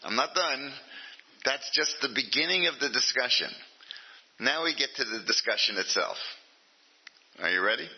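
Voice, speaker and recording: A man's voice: medium pitch, lively intonation, moderate pace, pauses often, husky, lo-fi sound. An older man, a rabbi, giving an informal lecture to an adult class, talking conversationally and checking in with his listeners often. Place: meeting room with a class.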